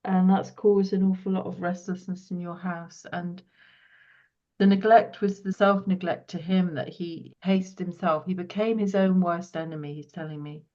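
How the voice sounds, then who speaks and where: Low-voiced woman giving an intuitive reading. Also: fairly even intonation, normal speed, muffled recording. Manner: soft, earnest, drops to a hush when relaying visions. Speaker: podcast host and property healer.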